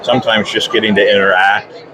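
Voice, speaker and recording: A man hosts a podcast in a folksy, chatty way and likes corny pirate jokes. His voice is on the low side. He is recorded outdoors with loud convention noise all around. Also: level tone, fairly quick. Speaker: podcast host. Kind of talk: casual interview chat. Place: outdoors at a busy fan convention.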